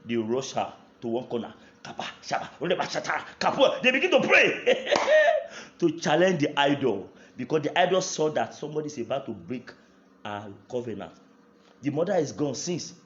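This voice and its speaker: A man's voice: mid-range voice, expressive, moderate pace, lo-fi sound, a little hiss or hum. Fervent Nigerian preacher man, echoey. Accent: Nigerian English. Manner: repeats declarations with rising intensity. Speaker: pastor. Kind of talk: fervent prayer sermon.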